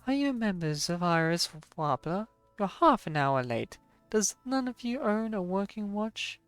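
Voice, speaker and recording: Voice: mid-range voice, big pitch swings, measured pace, clean tone, dry recording, soft background music, pitched above the performer's own voice. A streamer reading a curt female construct. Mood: impatient. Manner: curt, matter-of-fact.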